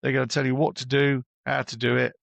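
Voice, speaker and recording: A man's voice: medium pitch, level tone, fast talker, vocal fry, no echo. A middle-aged man, a business coach, talking bluntly and chattily as an interview guest and acting out his exchanges with clients.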